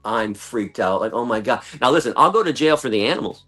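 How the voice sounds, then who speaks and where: A man telling a long story in conversation, animated and acting out other people's lines, with casual swearing. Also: mid-range voice, brisk, faint music behind. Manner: animated, acts out quoted voices, swears casually. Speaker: guest, animal rights activist.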